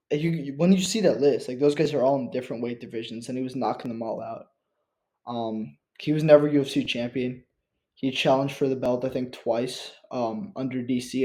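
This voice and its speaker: A man hosting his own channel works through a ranking list in one casual take, often halting with fillers and restarts. His voice is medium-pitched and warm, recorded on a built-in computer mic.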